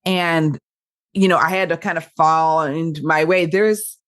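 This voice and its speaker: A woman's voice: deep voice, steady tone, a little slow. A woman radio broadcaster and podcast guest, chatting animatedly and laughing often as she tells stories. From Michigan. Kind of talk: casual interview chat.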